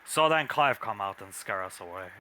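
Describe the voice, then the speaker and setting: A man's voice: on the low side, animated, normal speed, bright, forceful tone, soft background music, pitched below the performer's own voice. A man voicing a brutish, dim-witted male creature who speaks in broken grammar. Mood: gruff. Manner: caveman-style broken grammar, gruff.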